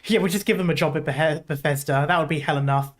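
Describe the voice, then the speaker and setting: A streamer chatting casually while playing a story game, jokey and quick to correct themself. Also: mid-range voice, soft background music. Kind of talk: casual gameplay commentary.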